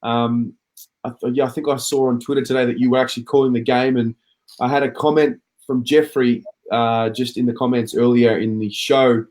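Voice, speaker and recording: A man's voice: medium pitch, flat delivery, normal speed, darkish tone. A man hosting a casual footy chat show, reading out viewer comments and chatting along. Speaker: podcast host reading comments.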